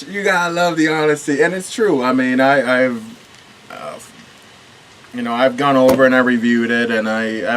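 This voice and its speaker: A man's voice: mid-range voice, fairly bright tone, a little hiss or hum, poor audio. Rambling, earnest man from Puerto Rico. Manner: rambling, earnest, with many restarts and fillers. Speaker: author. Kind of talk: casual behind-the-scenes talk.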